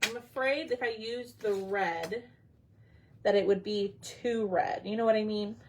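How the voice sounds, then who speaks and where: Slow-talking chatty woman. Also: medium pitch, slight background noise. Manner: chatty, talks to viewers and her pets while working. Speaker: craft livestream host. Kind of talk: casual craft tutorial livestream.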